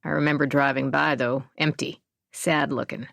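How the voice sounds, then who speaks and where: A woman's voice: low-pitched, little pitch movement, moderate pace, gravelly, fairly bright tone, no echo, clean studio sound. A woman voicing a blunt, matter-of-fact middle-aged man in an audiobook. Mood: reflective. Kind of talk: audiobook character voice.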